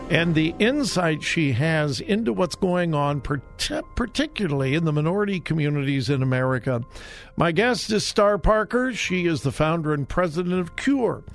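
Gravelly male radio talk host. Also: on the high side. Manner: chatty, folksy and joking. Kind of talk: casual radio interview. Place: radio studio.

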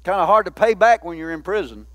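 Man, pastor, high-pitched voice, dry close sound, folksy conversational sermon. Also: expressive, fast talker, no echo. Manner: folksy, conversational preaching with many asides.

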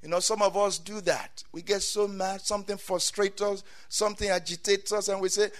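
A man preaching a sermon, swinging from quiet asides to loud cries and saying amen often. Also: sits high, level tone, normal speed, hardly any pauses.

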